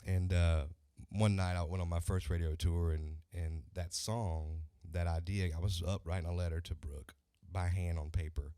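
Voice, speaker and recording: A man's voice: sits low, steady tone, normal speed, dark tone, smooth, dry recording, studio quality. A man, a country singer, telling stories in a casual interview and acting out the voices he quotes.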